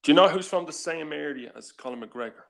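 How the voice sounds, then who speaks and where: A man talking casually as a panelist on a live stream, animated and laughing, with a lot of restarts. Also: fairly high pitch, fast, gravelly, crowd noise. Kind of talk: casual chat.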